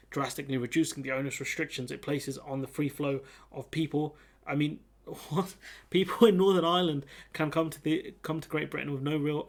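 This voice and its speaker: A man reading political commentary aloud and reacting to it with sarcastic, exasperated remarks. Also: on the high side.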